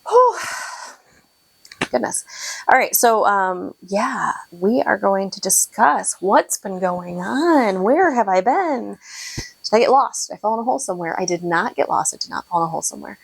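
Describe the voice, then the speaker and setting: A woman in her thirties hosts a knitting podcast, chatting casually to camera in a rambling way, laughing often and restarting sentences while close to her microphone. Her mid-range voice is animated, gravelly, and husky, at a moderate pace with no room sound.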